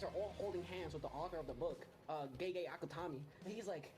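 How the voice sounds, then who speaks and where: A man's voice: high-pitched, fast talker, hardly any pauses, music in the background. A man delivering a profane, mocking rant as casual commentary. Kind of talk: ranting commentary.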